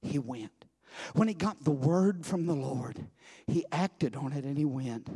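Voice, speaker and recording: A man preaching a sermon, moving from hushed storytelling to loud, shouting climaxes and repeating phrases for emphasis. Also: fairly high pitch, measured pace, husky.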